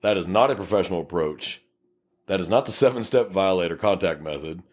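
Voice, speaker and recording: This is a police officer and podcast co-host, a middle-aged Texan with a fairly deep voice, chatting casually and trading cop tales. Expect blunt, foul-mouthed delivery and energetic acting, as he switches quickly between voices for irate drivers and the officers stopping them.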